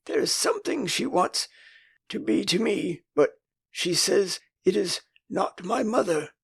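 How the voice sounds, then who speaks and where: A man's voice: sits high, expressive, unhurried, vocal fry, slightly rough, pitched above the performer's own voice, full character voice. An older man with an English accent voicing a frank, anxious, puzzled boy in an audiobook. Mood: boyish. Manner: boyish, frank, uncertain. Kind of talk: audiobook character voice.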